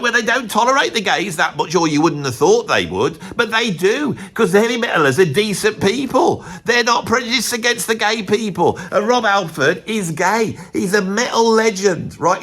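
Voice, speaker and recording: A man's voice: a little high, fairly bright tone. A man, middle-aged, counting down his favourite musicians in a chatty, rambling and emphatic way, peppered with "right". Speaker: musician and video host. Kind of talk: opinionated music countdown vlog.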